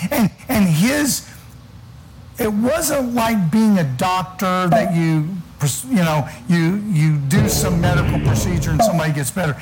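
Slow, high-voiced preacher man. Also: darkish tone, rough recording. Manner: preaching with slow, weighty emphasis and scripture reading. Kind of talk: sermon.

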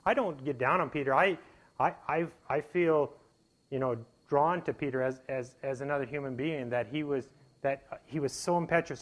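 A man delivers a sermon in a plain, middle-pitched voice. He talks earnestly and conversationally, often restarting and doubling back on his words as he explains scripture. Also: normal speed, low-quality recording. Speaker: preacher.

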